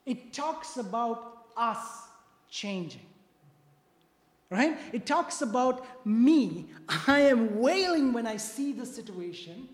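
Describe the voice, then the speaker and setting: A preacher giving a sermon in a church, repeating key phrases and often checking in with the congregation with a quick "right?" or "okay?". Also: medium pitch, lively intonation. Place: church sanctuary. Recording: long reverb of a large hall.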